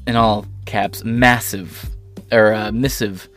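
A man's voice: on the low side, steady tone, slow, fairly bright tone, soft background music. A man hosting an online political commentary show, reading news articles aloud and breaking off into rambling, profane, sarcastic asides.

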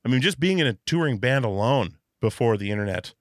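A man's voice: medium pitch, lively intonation, fast talker, dry recording, clean studio sound. A man hosting a casual podcast interview, reflective and rambling with many restarts. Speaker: podcast host. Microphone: video call.

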